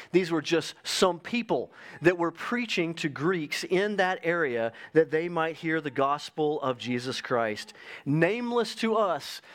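A pastor delivering a Sunday sermon, a man whose voice sits a little high for his sex. He speaks earnestly, reading a passage aloud for the congregation and pressing on his main points with rising emphasis. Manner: reads an illustration aloud to the congregation.

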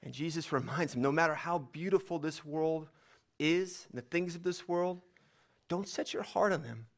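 A man's voice: fairly high pitch, moderate pace. A man preaching a sermon, reading scripture aloud and then explaining it in a conversational way. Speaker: pastor.

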